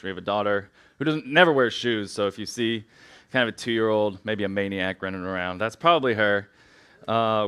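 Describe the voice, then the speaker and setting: A man's voice: lowish voice, fairly bright tone, clean tone. A man in his thirties, nervous and rambling, opening a sermon in a casual, self-deprecating way with lots of filler words. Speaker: church speaker. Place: church sanctuary.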